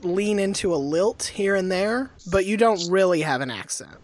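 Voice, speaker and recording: A podcast co-host in casual chat, throwing in quick jokey interjections. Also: medium pitch, lively intonation, no room sound.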